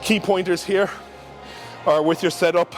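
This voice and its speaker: A man's voice: high-pitched, a little slow, soft background music. Man coaching through a gym session. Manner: relaxed, instructive, talks through gym cues with fillers. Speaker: bodybuilder and coach. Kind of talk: casual training vlog commentary.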